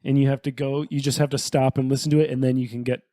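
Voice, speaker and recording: A man's voice: medium pitch, little pitch movement, fast talker, warm tone, no room sound, studio quality. A man guesting on a casual comedy podcast, chiming in with short quips and ad libs.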